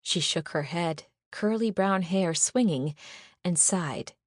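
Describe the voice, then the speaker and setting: In a measured, even storytelling manner, a woman narrates a first-person audiobook. Her voice is on the low side, with no echo and studio-quality sound.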